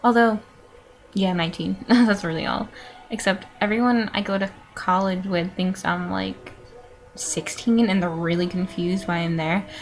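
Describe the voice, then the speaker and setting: A woman's voice: medium pitch, slight background noise. A nineteen-year-old woman casually rambling through follower questions in a vlog, with lots of fillers, sighs and little laughs. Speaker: vlogger answering follower questions.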